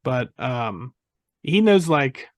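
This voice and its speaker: Podcast co-host, man, mid-pitched voice, easygoing, chuckles, dry close sound. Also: sing-song, extremely slow, no room sound. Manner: laid-back, laughs often, many fillers. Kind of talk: casual chat.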